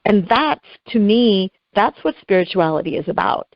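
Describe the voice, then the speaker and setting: A middle-aged woman tells a painful story from her own life, earnest and heartfelt, often close to tears. Her voice sits at an everyday pitch. The sound is dry and a little dull, like a remote interview call. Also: lively intonation, moderate pace, no room sound. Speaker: guest. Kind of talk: emotional personal storytelling.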